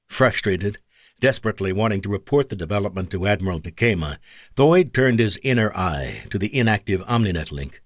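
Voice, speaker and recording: Low-voiced male audiobook narrator. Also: very animated, brisk, dry recording, studio quality. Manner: shifts pitch and pace for character dialogue. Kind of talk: scripted narration.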